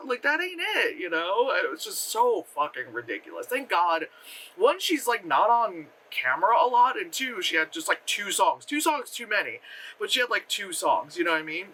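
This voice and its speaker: A young adult reviewer riffing on a film in a loose, chatty vlog. The voice is bright and forceful, with lively pitch swings. There is plenty of swearing, filler words and laughter. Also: moderate pace, husky. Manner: animated, profane, laughs often, many fillers. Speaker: movie reviewer; effects artist. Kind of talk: casual spoken film review.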